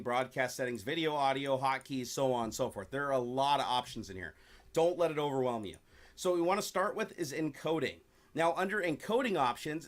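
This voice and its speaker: A man with a slightly raised pitch talks viewers through a screen-recorded software tutorial. He explains each step plainly and addresses his audience directly. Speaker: tutorial presenter.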